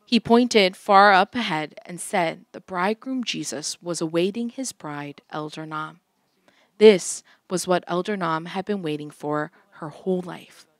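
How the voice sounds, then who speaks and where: A woman's voice: lowish voice, measured pace, no room sound. A woman interpreting a sermon and telling its story in an earnest, heartfelt way.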